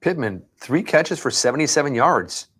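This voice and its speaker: A man's voice: medium pitch, animated, moderate pace, fairly bright tone, husky. A man co-hosting a casual live sports stream, reading stats aloud in a chatty, matter-of-fact way.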